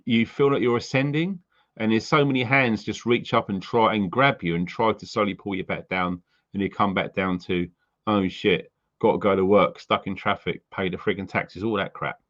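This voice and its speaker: A man's voice: mid-range voice, dull audio. A man from the UK hosting a live stream about prepping, talking bluntly and with swearing about what he believes. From United Kingdom. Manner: blunt, sweary, heartfelt ranting. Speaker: prepping channel host.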